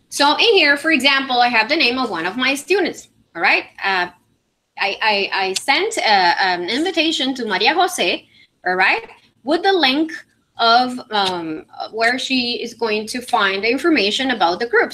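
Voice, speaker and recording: Bright-voiced woman teacher presenting. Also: a little high, very animated, unhurried. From Venezuela. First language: Spanish. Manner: explanatory, many fillers and "all right?" checks. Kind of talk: conference presentation with screen demo.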